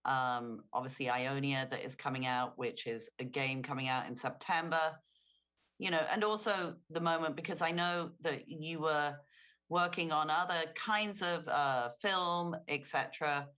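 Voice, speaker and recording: A woman's voice: deep voice, a little slow, fairly bright tone, clear, resonant tone. A woman moderating a convention panel, asking loosely worded questions with frequent "um"s.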